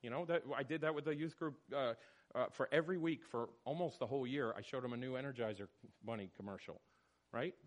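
A man leading a church study discussion, animated and questioning, calling on people by name. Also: medium pitch, quick pace. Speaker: church study group leader.

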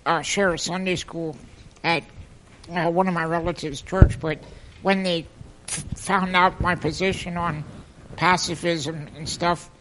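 A man with a fairly high voice speaks up in a church discussion group. He talks hesitantly, stumbling over his words and often restarting his sentences. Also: fairly even intonation, measured pace, sharp tone, slight background noise.

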